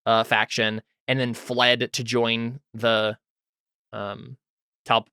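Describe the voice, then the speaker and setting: A man's voice: mid-range voice, little pitch movement, takes it slowly, sharp tone, clear, resonant tone, dry recording. Guy running a tabletop game, um-heavy and easygoing, dry close sound. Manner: loose, filler-heavy, asks players questions. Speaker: game master.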